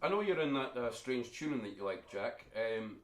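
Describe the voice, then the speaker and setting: A man's voice: mid-range voice, expressive, moderate pace, a bit bright. Scottish man, rambling chat, echoey room. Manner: rambling, hesitant with fillers. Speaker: band member. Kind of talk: casual chat during live stream. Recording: echoey room with live music.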